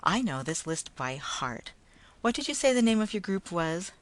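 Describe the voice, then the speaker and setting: A woman reading a story, voicing a brusque, blustering male parade manager who talks loudly and hostilely. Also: on the low side, big pitch swings, normal speed, pitched above the performer's own voice. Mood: jovial. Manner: blustering, loud, hostile then jovial.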